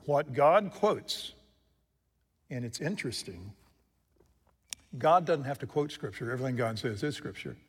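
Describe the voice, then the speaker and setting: A man preaching a sermon from the pulpit, jumping from loud emphatic lines to hushed asides and putting questions to his congregation. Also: medium pitch, expressive, measured pace, long pauses, husky. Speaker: pastor. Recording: long reverb from a large hall.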